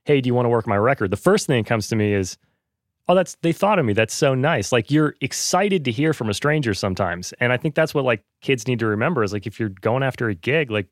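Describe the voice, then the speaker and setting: A man's voice: medium pitch, animated, fast talker, hardly any pauses, no room sound, clean studio sound. A man in casual podcast conversation, talking earnestly with lots of fillers. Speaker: podcast host, guest.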